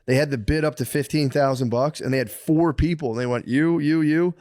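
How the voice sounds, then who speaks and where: A man's voice: mid-range voice, quick pace, darkish tone, no room sound, studio quality. Crude, rambling man telling stories. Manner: rambling, crude, laughs at his own jokes. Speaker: podcast comedian. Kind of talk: casual storytelling chat.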